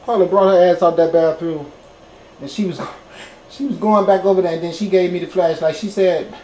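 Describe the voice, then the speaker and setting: A man telling his own story to viewers in a casual, animated way, swearing freely and getting loud when excited. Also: high-pitched, moderate pace. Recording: roomy echo, faint background ambience.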